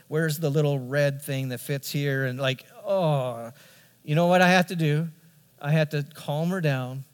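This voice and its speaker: A middle-aged man preaching a sermon as a pastor, telling a family story earnestly and building to emphatic points. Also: a little high. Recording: long reverb of a large hall.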